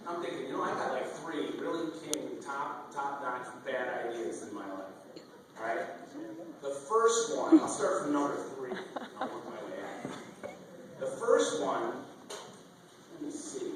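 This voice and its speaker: A man's voice: mid-range voice, normal speed, noisy background. A middle-aged man from Michigan doing stand-up, telling rambling family anecdotes full of restarts to a club audience. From Michigan, USA. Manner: rambling, self-interrupting anecdotes with many restarts. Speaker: stand-up comedian. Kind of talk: stand-up comedy storytelling. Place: comedy club stage. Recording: echoey club sound from a distant mic. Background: audience laughter and room ambience.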